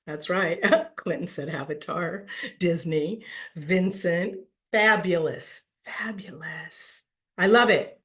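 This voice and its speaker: A middle-aged woman giving a playful, animated webinar talk on branding, acting out quoted voices and laughing often. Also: on the low side, slow pace. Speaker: branding speaker at an online summit. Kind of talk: lively webinar presentation.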